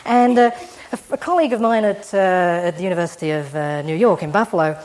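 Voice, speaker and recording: A woman giving an evening public lecture to an audience, discursive and gently humorous in a wry way. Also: medium pitch, expressive, quick pace. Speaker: guest lecturer.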